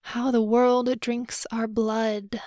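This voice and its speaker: A woman reading the part of a grieving older male rabbi, speaking slowly in a hushed, half-whispered lament. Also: a little high, flat delivery, no echo, clean studio sound.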